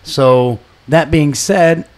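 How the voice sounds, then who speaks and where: A man's voice: on the high side, very slow, a little mellow. Laughing, rambling male podcast host. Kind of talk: casual chat.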